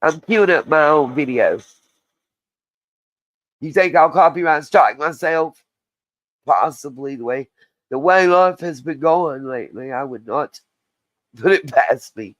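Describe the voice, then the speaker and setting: A woman's voice: extremely low pitch, rough recording. Blunt woman ranting on a livestream. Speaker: channel host. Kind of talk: livestream commentary.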